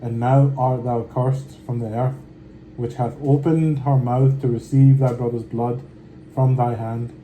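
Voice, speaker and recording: Very mellow-voiced man reading scripture. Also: medium pitch, steady tone, slight background noise, poor audio. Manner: deliberate reading with slangy offhand comments. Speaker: scripture reader. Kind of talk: reading scripture aloud with casual asides.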